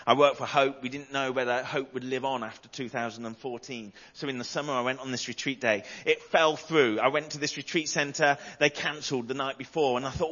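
A man's voice: medium pitch, fairly quick, pushed and bright, big-room sound, muffled recording. A man preaching a sermon, telling stories emphatically and repeating lines for effect.

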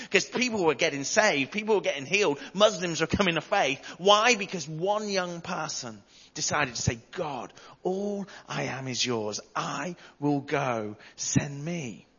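Guy preaching, kinda high bright voice, big echoey hall, sound a bit muffled. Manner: storytelling, emphatic, repeats for effect. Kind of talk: sermon.

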